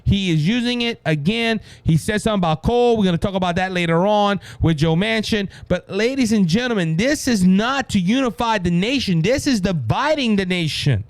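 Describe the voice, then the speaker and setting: High-voiced emphatic Cajun man. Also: animated, normal speed, few pauses, no room sound. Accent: Cajun Louisiana. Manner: emphatic, repeats "ladies and gentlemen", frequent restarts. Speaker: political podcast host. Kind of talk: solo political commentary.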